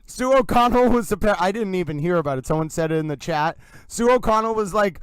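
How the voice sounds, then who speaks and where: High, smooth-voiced man hosting a livestream. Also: fast talker, no room sound, rough recording. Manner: excitable, rambling, chatty with laughs. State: wired on caffeine. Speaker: livestream host. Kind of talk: casual livestream chat.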